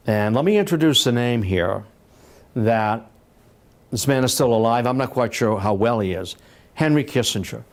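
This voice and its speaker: Guy giving a library history lecture, chatty, keeps restarting his sentences. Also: medium pitch. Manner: conversational storytelling with many restarts.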